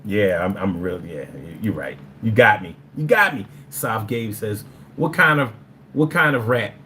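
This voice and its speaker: A man's voice: lowish voice, expressive, measured pace, pushed and bright, slight background noise. A man hosting a livestream, reading out viewer comments and answering them bluntly with a lot of profanity. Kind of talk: casual livestream chat.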